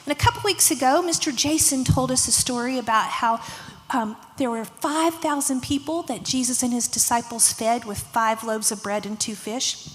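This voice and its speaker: A woman teaching a children's church lesson, telling a Bible story with lively voices and hushed moments. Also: a little high, moderate pace. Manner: animated storytelling, acting out voices, hushed emphasis. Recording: long hall reverb.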